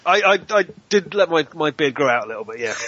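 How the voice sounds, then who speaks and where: A man's voice: a little high, fairly bright tone, slightly rough, no room sound, muffled recording. A man in his thirties chatting casually about his voice work, self-deprecating and repeating words as he starts sentences. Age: 30s. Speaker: voice actor guest. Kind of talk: casual podcast chat.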